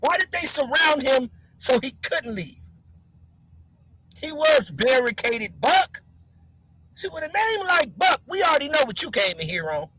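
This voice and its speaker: A live stream host giving heated commentary, answering chat and mocking commenters by name while shouting. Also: high voice, big pitch swings, a little slow, poor audio.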